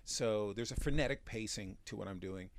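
A man, a magician and stand-up comic, talking in a relaxed interview, restarting sentences as he thinks. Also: fairly low pitch, normal speed. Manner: chatty, with frequent restarts and fillers. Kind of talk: interview conversation.

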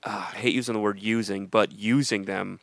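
Podcast co-host, American man, gravelly low-ish voice, rambling and chatty. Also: fairly even intonation, fairly quick, fairly bright tone, dry recording. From United States. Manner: chatty, rambling, laughs easily. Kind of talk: casual chat. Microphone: studio mic at a soundboard.

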